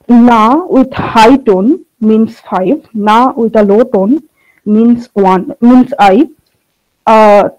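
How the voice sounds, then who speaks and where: A woman giving an academic conference presentation on linguistics, talking through her slides in a measured way with frequent filler pauses. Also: a little high, dark tone, poor audio. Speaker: linguistics researcher presenting a paper.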